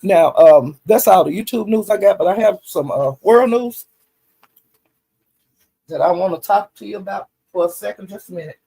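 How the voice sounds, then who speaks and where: Man, high voice, gravelly and husky, rambling folksy recap. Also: normal speed, mellow. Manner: rambling, folksy, full of fillers and acted-out quotes. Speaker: YouTube commentary host. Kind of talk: casual recap of online drama.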